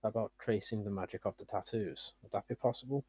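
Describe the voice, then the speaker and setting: A man playing a tabletop game, making soft, hesitant suggestions. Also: fairly low pitch, quick pace, slightly rough, no echo, rough recording. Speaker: player. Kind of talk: in-character tabletop play.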